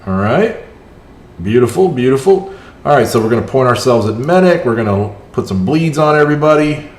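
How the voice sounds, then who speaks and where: A man livestreaming a strategy game, keeping up a running, chatty commentary on his moves. He reacts aloud to each turn and answers his viewers as he plays. His mid-pitched voice sits in a roomy, echoey space. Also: animated, a little fast, darkish tone. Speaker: streamer. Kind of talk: live gameplay commentary. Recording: roomy echo.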